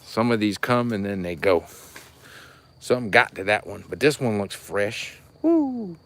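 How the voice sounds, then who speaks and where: A man's voice: on the low side, moderate pace, fairly bright tone. A man gives a rambling, folksy walking tour of his fruit tree nursery at night, chatting to viewers. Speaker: rare fruit tree grower and seller. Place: outdoor plant nursery at night.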